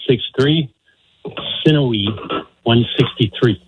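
A man's voice: medium pitch, slow pace, dull audio, background noise. A man in his sixties calling in to a radio show, chatty and a little hesitant. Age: 60s. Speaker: radio caller. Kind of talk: phoned-in question.

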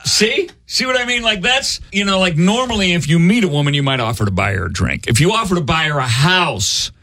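A middle-aged man hosting a morning radio show, teasing his cohost with quick deadpan jokes. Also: sits high. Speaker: radio host.

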